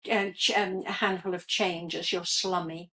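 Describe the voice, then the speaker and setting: A woman talking in a casual interview, hesitant and pausing on fillers. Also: on the low side, fairly even intonation, noisy background.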